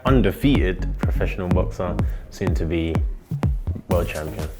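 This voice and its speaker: A man's voice: sits low, animated, measured pace, over loud music. A man answering interview questions in a blunt, confident way. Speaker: guest boxer.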